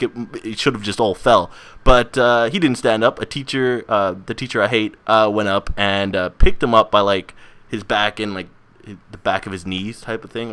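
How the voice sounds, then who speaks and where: A man's voice: mid-range voice, a bit bright. A young man telling a childhood story to camera in a rambling, casual way, laughing often and restarting his sentences. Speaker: gaming channel host.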